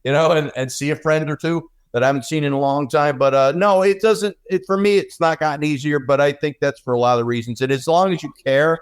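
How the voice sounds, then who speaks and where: A middle-aged man speaking as a comic book artist on a live panel, earnest and steady with many pauses. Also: fairly high pitch, clear, resonant tone. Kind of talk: casual live panel talk. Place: live event before an audience.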